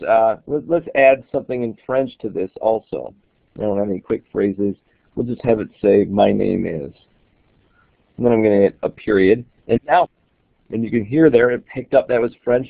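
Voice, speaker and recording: A man's voice: medium pitch, no room sound. A man giving a casual, explanatory walkthrough of an app in a screen-recorded tutorial, thinking aloud as he demonstrates. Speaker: app reviewer. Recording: tinny, dry, phone-like audio.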